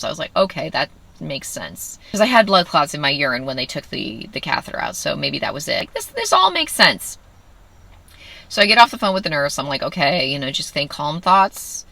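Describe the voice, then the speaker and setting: A woman's voice: sits low, vocal fry, sharp tone, no echo. A woman telling a candid personal story in a wry way, acting out what others said. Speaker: vlogger.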